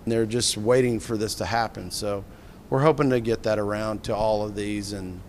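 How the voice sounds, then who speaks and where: An excited, rambling middle-aged man telling a story. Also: lowish voice, normal speed, slight background noise. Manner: enthusiastic, rambling, with repeated restarts. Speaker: filmmaker. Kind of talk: animated storytelling in an interview.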